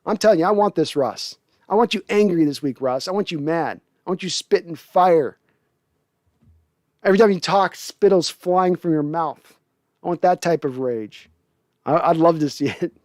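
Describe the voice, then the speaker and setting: A man with a fairly high voice hosts a casual livestream, reading viewer messages aloud. He jokes, curses freely and laughs a lot. He is recorded close on a mic in a dry room. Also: darkish tone, dry recording. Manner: laughs often, joking and profane. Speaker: podcast host reading live chat.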